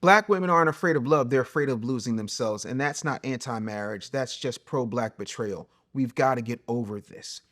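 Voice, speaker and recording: A middle-aged man hosting a solo advice show, blunt and preachy, swinging between loud jabs and low, quiet asides. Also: a little fast, few pauses. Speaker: host and relationship coach. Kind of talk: solo advice monologue to camera.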